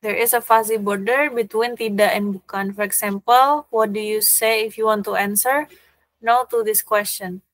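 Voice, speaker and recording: A woman teaching a language lesson, explaining grammar slowly and patiently with examples. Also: medium pitch, steady tone, dry recording.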